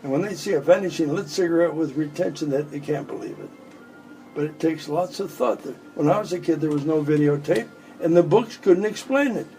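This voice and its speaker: A man's voice: fairly high pitch, expressive, brisk, gravelly, mellow, faint music behind, low-quality recording. A man in his eighties, a magician, chatting at home and telling rambling jokes between tricks. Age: 80s. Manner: joking, rambling storyteller. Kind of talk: casual chat with demonstrations.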